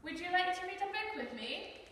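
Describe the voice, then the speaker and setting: A woman voicing a kindly, enthusiastic librarian in a storybook, warm and encouraging. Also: very high-pitched, animated, moderate pace, slight background noise, pitched above the performer's own voice. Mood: friendly. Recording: roomy echo, far from the mic.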